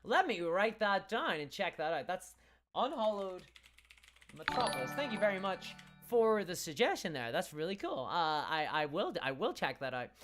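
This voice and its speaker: A woman with a softened Northern Irish accent, chatting casually on a livestream, reading out viewer comments with frequent restarts and laughs. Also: on the low side, sing-song, moderate pace, hardly any pauses, soft background music. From Northern Ireland. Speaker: streamer.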